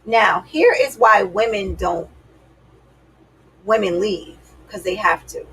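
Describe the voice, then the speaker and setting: A woman's voice: medium pitch, slow, a bit bright, slightly rough, poor audio. A woman giving dating advice to her viewers in a sassy, emphatic, casual way. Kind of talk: casual advice talk to camera.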